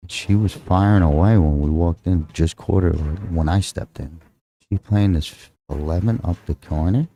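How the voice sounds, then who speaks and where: A man's voice: sits low, measured pace, dark tone, no echo. A man with a Texan accent calling a live pool match, rambling and joking with his co-host between shots. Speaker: pool commentator. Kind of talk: live play-by-play commentary.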